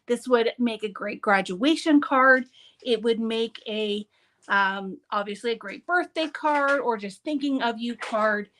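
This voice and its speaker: A woman's voice: fairly high pitch, a little slow, fairly bright tone. A woman hosting a live papercraft demonstration, talking in a chatty, upbeat way and often breaking off mid-sentence. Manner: chatty, upbeat, self-interrupting.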